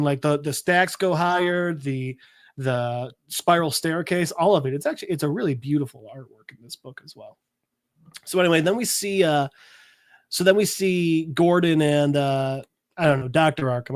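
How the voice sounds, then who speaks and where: A man on a podcast recapping a comic book in casual chat, acting out the characters' lines in quick quotes, with lots of fillers and restarts. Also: on the high side, dry recording, clean studio sound. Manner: retells scenes by voicing characters in quick quotes; loose, filler-heavy talk with restarts. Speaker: podcast co-host.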